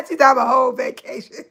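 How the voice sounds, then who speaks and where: Older woman hosting a live chat, voice a bit high, chatty and lively, laughs a lot, talks to viewers by name. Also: moderate pace. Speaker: host.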